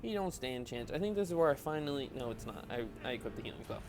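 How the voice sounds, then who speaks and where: A man's voice: mid-range voice, expressive, fast talker. A young adult man giving casual, rambling, self-deprecating gameplay commentary while tired and yawning. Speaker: gaming video host.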